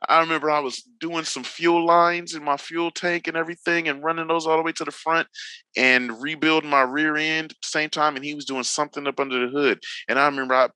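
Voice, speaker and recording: A man's voice: on the high side, steady tone, a little fast, sharp tone, smooth, no room sound, low-quality recording. A man in his forties from Northern California, a podcast guest chatting casually, telling slangy, profane stories and acting out what people said. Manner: loose slangy storytelling, swears freely, acts out quotes. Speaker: podcast guest, drifting veteran. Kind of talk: casual chat.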